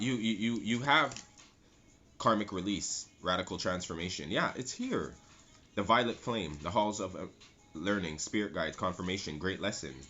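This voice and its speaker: A man's voice: lowish voice, pushed and bright. A man giving a casual tarot reading, talking loosely and repeating himself, with lots of "right?" and some swearing. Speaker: tarot reader. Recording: slightly dull sound with faint music.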